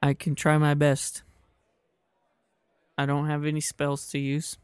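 Male player, paladin, smooth resonant voice, flat even delivery, dry close sound. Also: fairly high pitch, unhurried, dry recording. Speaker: player voicing the paladin Sir Vance. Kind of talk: tabletop role-play.

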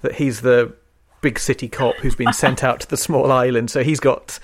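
A man's voice: mid-range voice, steady tone, moderate pace, breathy edge. A man co-hosting a podcast, talking fluently and enthusiastically in a casual chat. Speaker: podcast co-host. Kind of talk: casual chat about an old TV series.

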